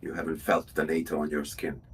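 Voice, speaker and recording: Deep-voiced man, hesitant and distant. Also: flat delivery, a little hiss or hum. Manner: slow and hesitant, full of "uh". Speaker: chat participant. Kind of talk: casual voice chat. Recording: distant voice from the mic.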